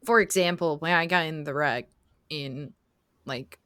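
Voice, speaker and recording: A young adult woman on a casual podcast, soft-spoken and laid-back, trailing off. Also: low voice, unhurried, dry recording, clean studio sound.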